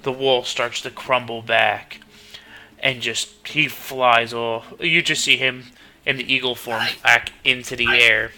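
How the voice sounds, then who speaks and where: A man's voice: mid-range voice, steady tone, slow pace, bright, forceful tone. A man narrating as game master in a tabletop game, telling the scene in a loose, swearing way.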